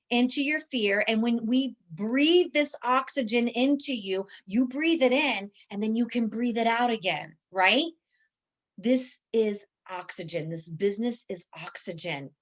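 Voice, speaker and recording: A woman coaching her team on a video call, upbeat and emphatic, repeating phrases for effect. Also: a little high. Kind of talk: motivational team call pep talk.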